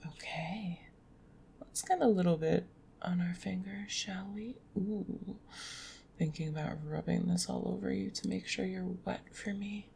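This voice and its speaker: A young woman in a whispered adult audio monologue, speaking slowly and intimately straight to her listeners from a chair at home. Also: medium pitch, steady tone, dark tone, a little hiss or hum. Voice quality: breathy whisper. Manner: slow, intimate, addresses listeners directly.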